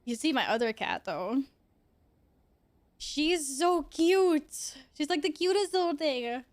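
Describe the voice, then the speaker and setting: A young woman with a high, bright pitch chats casually on a stream from her computer at home. She swears freely, chats off the cuff and coos at her cats, and her voice sounds close and dry on a desk mic. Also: animated, slow, no room sound. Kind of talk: casual chat.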